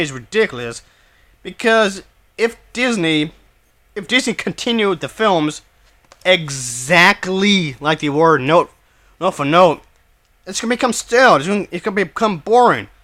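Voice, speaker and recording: A man talks through his opinions in a bright, fairly high voice. He stops and restarts often, repeating phrases as he searches for words. His tone turns blunt and dismissive. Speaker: video commentator. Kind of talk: opinion commentary.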